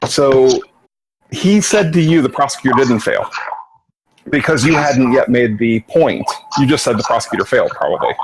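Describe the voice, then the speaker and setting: A man of ordinary pitch coaches a student through an online voice chat. He explains patiently at length, repeating and restarting words as he goes. A faint hiss sits under his voice. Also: lively intonation, moderate pace. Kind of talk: teaching over voice chat. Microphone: online voice chat mic.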